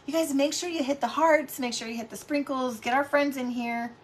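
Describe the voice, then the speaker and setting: A woman's voice: sits high, fairly even intonation, fairly quick, a little hiss or hum. A middle-aged woman hosting a casual live craft stream at home, chatting with viewers and greeting them by name.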